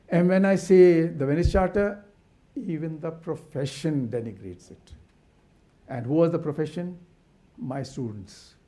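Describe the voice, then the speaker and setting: A man's voice: fairly high pitch, warm tone. An older man from India giving a symposium keynote, asking rhetorical questions with passion and frequent restarts. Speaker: keynote speaker.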